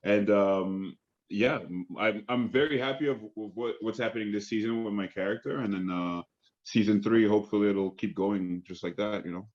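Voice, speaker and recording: A man's voice: fairly low pitch, fairly even intonation, normal speed, a little mellow, muffled recording. A man being interviewed as an actor guest, talking enthusiastically with many fillers and restarts. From Canada. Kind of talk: casual interview chat.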